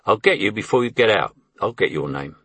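A man's voice: on the low side, animated, fairly quick, bright, forceful tone, breathy edge, dry recording, pitched above the performer's own voice, heavily acted. A man voicing a chatty, cocky male cab driver who teases his passenger, in a memoir reading. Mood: teasing.

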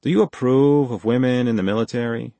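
A male audiobook narrator voicing a calm interrogator who asks quiet, measured questions. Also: mid-range voice, no echo, lightly acted.

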